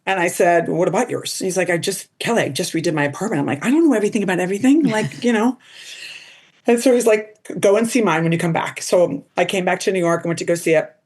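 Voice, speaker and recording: A middle-aged woman chatting as a podcast guest, her voice sitting a little low. She tells stories in a lively way, leans heavily on "like", and slips into other people's voices when she quotes them. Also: fast talker, few pauses, breathy edge. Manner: animated, quotes people in put-on voices, lots of "like". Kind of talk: casual storytelling interview.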